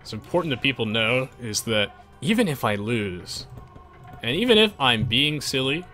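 Casting: male game streamer, playful and chatty, bright forward tone, soft music behind. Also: mid-range voice, big pitch swings, normal speed. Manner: playful, jokey, bursts into silly voices. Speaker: gaming streamer. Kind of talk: live stream game commentary.

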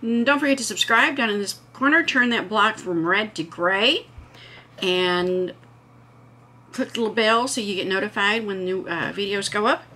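A woman's voice: mid-range voice, normal speed, sharp tone. A woman hosting a casual home vlog, chatting enthusiastically and gushing over what she shows. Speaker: vlog host.

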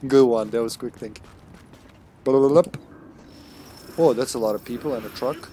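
A man's voice: mid-range voice, expressive, unhurried. Russian accent guy streaming a co-op game, jokey banter, slight background noise. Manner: joking, playful banter. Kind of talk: casual co-op gaming chat.

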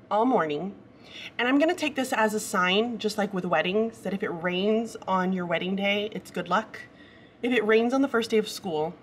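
A woman's voice: medium pitch, slight background noise. Chatty, nervous-sounding teacher woman. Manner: quick, chatty and upbeat, a little nervous. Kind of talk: casual vlog chat. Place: her classroom.

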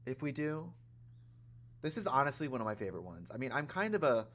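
Campy guy chatting to his stream chat while he plays, lively and playful. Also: medium pitch, a little fast. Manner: chatty and animated, talks to chat. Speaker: livestream host playing a life-sim game. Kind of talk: casual gaming livestream chat.

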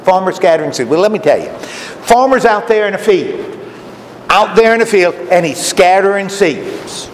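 A man's voice: sits high, big pitch swings, normal speed. A man giving a folksy, conversational sermon at a retirement home, often asking his listeners questions. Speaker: lay preacher. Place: common room of a retirement home. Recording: echoey hall with faint background noise.

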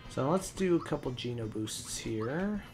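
A man hosting a let's play, calmly explaining his moves as he plays. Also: mid-range voice, a little slow, music in the background. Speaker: host playing a video game.

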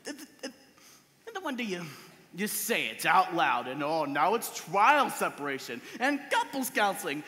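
A teenage actor on a school stage playing a wistful, rueful musical-theatre fan who confides in the audience. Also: male voice, high-pitched, very animated, measured pace, sharp tone, a little hiss or hum, full character voice. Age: teens. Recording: reverberant theatre hall.

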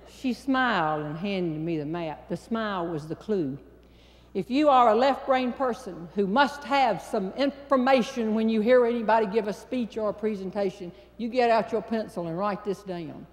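Older southern lady storyteller, drawly and animated, long reverb from a big hall. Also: mid-range voice, moderate pace. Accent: Southern US, North Carolina. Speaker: humorist. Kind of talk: stand-up storytelling.

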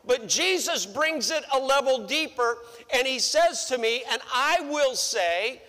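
A man's voice: very high-pitched, expressive, measured pace, few pauses, bright, forceful tone. A male pastor preaching a sermon in a church, repeating phrases for emphasis. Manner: repeats phrases for emphasis, rises sharply when acting out quotes. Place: church sanctuary. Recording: long church-hall reverb.

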